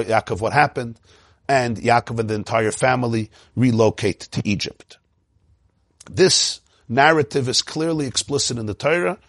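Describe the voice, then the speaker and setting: A man's voice: medium pitch, no echo, clean studio sound. A man teaching a Torah lesson, retelling a biblical story with repeated phrases for emphasis and quoting Hebrew verses before translating them.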